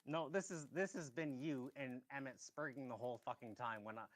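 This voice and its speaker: A man's voice: mid-range voice, fairly quick, no room sound. Indignant young man, heated voice-chat argument, profane and repetitive. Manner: indignant, swearing, repeats himself. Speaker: panel participant.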